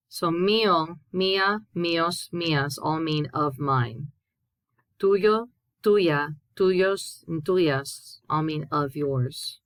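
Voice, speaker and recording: A woman's voice: sits low, no room sound. A woman teaching a recorded Spanish grammar lesson, reading example sentences aloud and translating them step by step.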